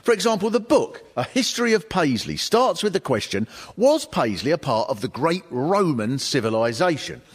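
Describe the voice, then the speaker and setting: An English man performing stand-up comedy to a live audience, telling stories with lively shouted bursts. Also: a little high, moderate pace, few pauses, slightly rough. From England. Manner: lively storytelling, breaks into shouted impressions. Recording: reverberant hall with audience.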